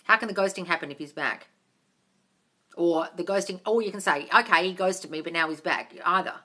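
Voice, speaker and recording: A woman's voice: on the low side, a little fast, sharp tone. An Australian woman hosting a live Q&A, reading viewers' comments aloud, calling them darling and swearing casually. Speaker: manifestation coach host.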